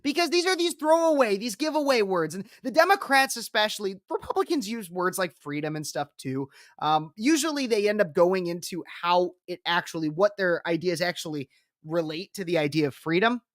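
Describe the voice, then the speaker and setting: A woman's voice: mid-range voice, lively intonation, brisk, dry recording, clean studio sound. A woman political commentator reacting to a speech clip, talking in an emphatic, repetitive and combative way.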